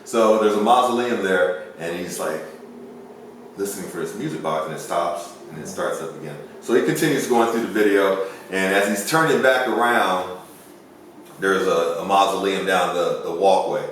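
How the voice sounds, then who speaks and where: Recorded far from the mic in an echoey room with faint hiss, a man chats casually, rambling through stories and acting out the quotes. His deep voice has lively intonation and a fairly bright tone at a moderate pace.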